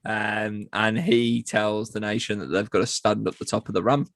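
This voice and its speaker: A man's voice: on the low side, little pitch movement, normal speed, a bit bright, no room sound. A man casually narrating a wrestling recap as podcast co-host, sweary and sarcastic.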